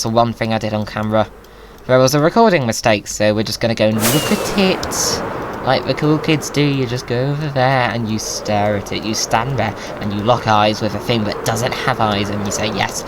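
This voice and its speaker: A hoarse man, a cheerful, chatty host giving playful commentary over gameplay and cooing at in-game animals. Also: mid-range voice, noisy background.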